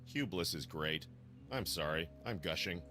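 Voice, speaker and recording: Super deep deadpan agent, stiff and formal, bright edge. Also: male voice, unhurried, soft background music, heavily acted. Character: stiff male government agent guarding a door. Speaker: game character.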